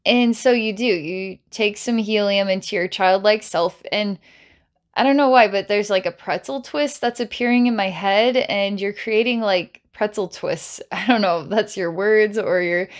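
Playful, giggly woman psychic healer. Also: medium pitch. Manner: playful and giggly, with many filler words. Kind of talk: guided healing session narration.

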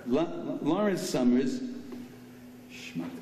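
A man's voice: a little high, expressive, very slow, noisy background. An older man giving a political speech at a banquet, sarcastic and full of mocking asides. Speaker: speaker at a banquet. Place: banquet hall. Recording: echoey hall from far off.

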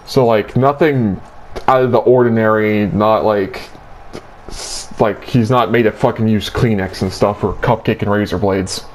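A man's voice: fairly low pitch, steady tone, unhurried, slight background noise. A young man hosting a casual chat, rambling crudely through a dream story with lots of filler. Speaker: host retelling his dream.

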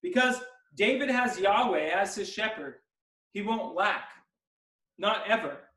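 A man preaching an expository sermon as pastor, emphatic and slowing down to stress key words. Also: high voice, lively intonation, pushed and bright, roomy sound, distant mic, low-quality recording. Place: church sanctuary.

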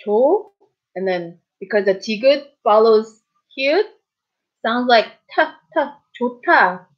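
A woman in her thirties teaches in a casual, patient way, saying each word slowly and more than once. Her voice sits a little high. The audio is dull and muffled, like a cheap recording. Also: expressive. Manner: patient, repeats words slowly, checks in with "okay? right?". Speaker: Korean language teacher. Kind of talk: casual spoken lesson.

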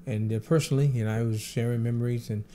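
A man's voice: medium pitch, fairly even intonation, fast talker, warm tone, slight background noise. A man, a professional drummer, answering fan questions and telling personal stories in an earnest, repetitive way that piles phrase on phrase.

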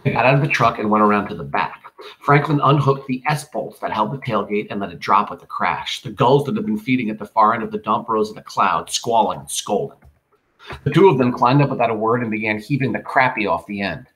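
A man reads a horror novel aloud in a low voice. His delivery is measured and unhurried, with the odd restart, like a hobby audiobook reading. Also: fairly bright tone, low-quality recording. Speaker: audiobook reader. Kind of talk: scripted narration of a horror novel.

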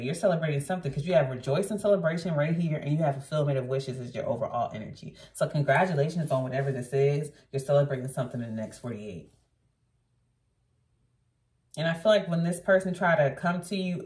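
A woman's voice: deep voice, darkish tone, recorded from a distance. A woman giving a casual tarot reading, talking blunt and chatty to her viewers and swearing freely. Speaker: tarot reader. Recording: roomy echo, voice off-mic.

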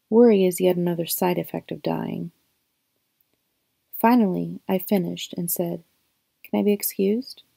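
A woman reading a novel aloud in a calm, even, reflective first-person narration. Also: on the low side, creaky, no room sound. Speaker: audiobook reader.

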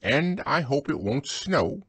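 A man voicing a fussy, bossy male rabbit in a storybook reading, with a husky voice and stern, chattering talk. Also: sing-song, slow pace, a bit bright, dry recording, heavily acted. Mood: cheerful. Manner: stern, chattering, raised pitch.

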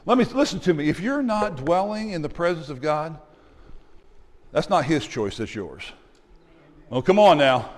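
Male pastor, high voice, energetic sermon with congregation call-outs, reverberant church hall. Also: moderate pace, long pauses. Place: church sanctuary.

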